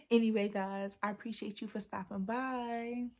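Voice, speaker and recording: A young adult woman telling a casual storytime vlog from her desk at home, animated and slangy, laughing often. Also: fairly high pitch, heavy background noise. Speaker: vlogger.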